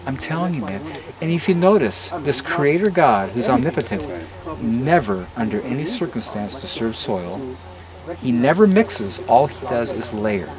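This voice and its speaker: A man from the Los Angeles area giving a garden tour, telling stories with lively energy and often repeating words as he starts his sentences. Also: medium pitch, moderate pace. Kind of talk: casual outdoor talk to a tour group. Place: outdoors in a garden with a crowd. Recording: distant outdoor recording with crowd noise.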